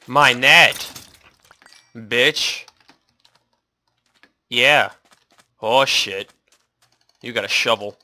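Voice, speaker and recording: A man hosting a casual game playthrough, muttering to himself and then breaking into yelps and shouts. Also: medium pitch, drawn-out words, pauses often. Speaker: gaming channel host. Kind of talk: casual let's play commentary.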